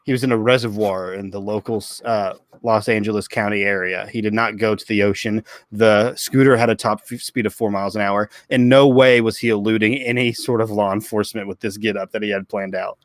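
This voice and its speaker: A man's voice: lowish voice, fairly even intonation, brisk, hardly any pauses, no room sound, clean studio sound. A young man co-hosting a podcast, telling stories in casual chat with a joking manner and acted-out quotes. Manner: joking storyteller, acts out quotes. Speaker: podcast co-host.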